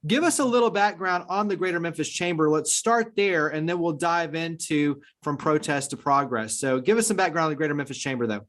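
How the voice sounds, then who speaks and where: High-voiced man hosting an interview. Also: expressive, fairly quick, few pauses, a bit bright. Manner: friendly, complimentary. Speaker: show host.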